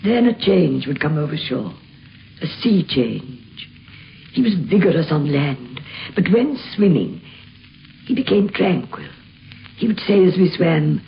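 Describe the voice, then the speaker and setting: A woman recalling an old friend in slow, gentle recollection, on a lo-fi 1950s radio recording with faint hiss. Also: low voice, sing-song, creaky. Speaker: interviewee reminiscing. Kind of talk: spoken recollection.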